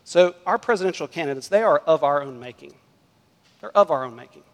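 A man's voice: fairly high pitch, lively intonation, brisk. Emphatic male pastor preaching in a hall. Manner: emphatic preaching, rising and dropping in volume. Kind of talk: sermon. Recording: long hall reverb.

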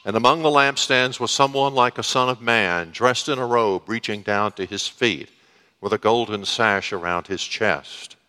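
A man preaching a sermon, slow and deliberate, with dramatic pauses. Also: on the low side, bright, forceful tone. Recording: long reverb of a hall.

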